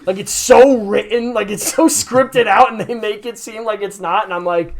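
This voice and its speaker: A young man in his twenties chatting casually on a podcast, rambling and animated, swearing freely and acting out quotes. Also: high voice, moderate pace, few pauses. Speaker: podcast host.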